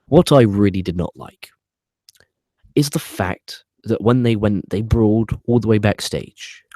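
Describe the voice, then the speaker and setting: A man's voice: lowish voice, animated, measured pace, warm tone, dry recording. A man hosting a casual spoken review, opinionated and ranting, swearing freely and rambling off on tangents with frequent restarts. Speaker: wrestling show reviewer, host.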